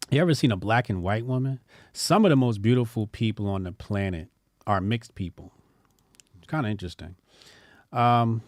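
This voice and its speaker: A man's voice: fairly low pitch, a little mellow, dry recording. A man hosting a casual opinion show, talking bluntly with rambling, joking asides. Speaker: commentary show host.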